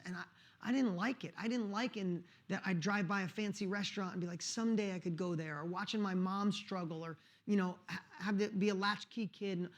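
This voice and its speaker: A middle-aged man telling his life story to an audience as a motivational speaker, earnest and emphatic, often repeating words. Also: sits high. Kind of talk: emotional personal storytelling.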